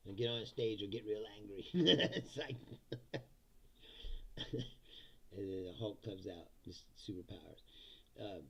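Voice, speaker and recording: A man's voice: lowish voice, creaky, slightly rough. A middle-aged man hosting a casual comedy livestream, laughing often, swearing freely and answering chat comments aloud. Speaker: livestream host reading chat. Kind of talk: casual ranting political comedy stream.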